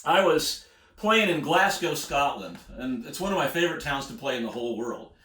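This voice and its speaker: With an expressive, bright, forceful mid-range voice at normal speed, an American singer-songwriter rambles through a road story. He tells it casually in a folksy manner, chuckling often, and the room has noticeable echo.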